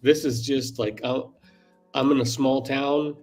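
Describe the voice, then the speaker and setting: A man's voice: medium pitch, fairly even intonation, a little slow, darkish tone, faint music behind. A man hosting a knife channel's livestream, talking candidly and swearing. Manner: teasing, candid, swears freely. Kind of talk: casual livestream chat.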